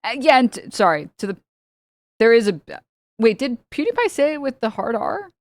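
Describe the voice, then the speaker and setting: A woman's voice: on the high side, big pitch swings, moderate pace, no room sound. A woman streamer giving casual, exasperated commentary to her chat, swearing freely.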